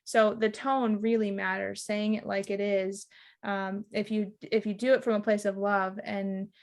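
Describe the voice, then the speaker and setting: In an unhurried, level voice of medium pitch, this middle-aged woman, a relationship mentor, talks thoughtfully in a relaxed podcast interview. She reflects, restarts her phrasing, and acts out brief quotes.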